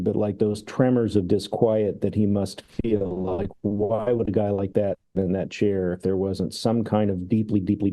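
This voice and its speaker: A man's voice: lowish voice, mellow. A man talking casually as a podcast guest about film, thoughtful and musing, who acts out comedy sketches as he retells them.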